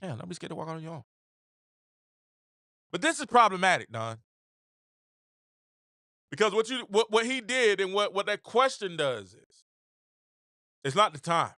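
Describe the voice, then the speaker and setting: A man's voice: sits high, very animated, normal speed, long pauses, sharp tone, no room sound, clean studio sound. A man hosting his own show, giving opinionated casual commentary, repeating phrases for emphasis and acting out quotes. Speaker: podcast host.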